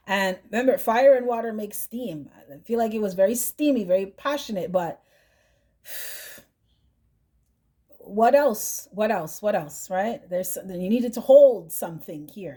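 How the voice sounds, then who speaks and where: A woman's voice: medium pitch, expressive, unhurried, mellow. A woman doing a tarot reading, chatty and direct, who keeps asking "right?" and adds "mm-hmm" between thoughts. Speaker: tarot reader.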